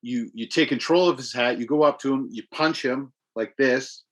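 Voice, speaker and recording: Swearing freely, a podcast co-host gives a rambling, step-by-step account of game battles in casual gaming chat. His voice is mid-range and moves at a normal speed.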